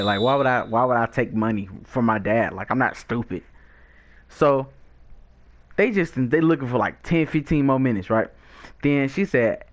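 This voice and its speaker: A young man telling a lively, slangy storytime with frequent laughs, chatting while he plays a video game. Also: mid-range voice, normal speed. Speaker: gaming YouTuber.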